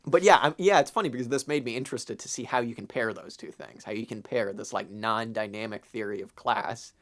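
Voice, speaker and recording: A man's voice: mid-range voice, brisk, fairly bright tone. Rambling young man on a podcast. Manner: rambling, filler-heavy, casually profane. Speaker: podcast co-host. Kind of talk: casual chat.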